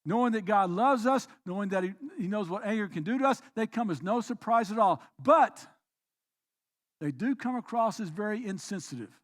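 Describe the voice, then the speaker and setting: A man with a very high voice preaches from the pulpit. He drops into quiet, reflective passages, then rises into emphatic, pressing exhortation. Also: lively intonation, normal speed. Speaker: pastor. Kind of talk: sermon. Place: church.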